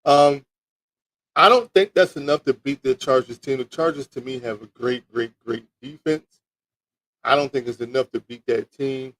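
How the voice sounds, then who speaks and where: Male sports talk host, mid-pitched, dry close mic, rambling picks, teases chat. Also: normal speed, fairly bright tone, dry recording, poor audio. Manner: rambling, repeats words, teasing chat with mock toilet flushes. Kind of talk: casual football picks talk, reacting to live chat.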